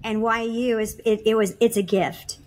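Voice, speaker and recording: A woman's voice: fairly high pitch, steady tone, moderate pace. A middle-aged woman telling stories as a podcast guest, laughing often and acting out the voices of the people in them. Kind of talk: animated storytelling on a podcast.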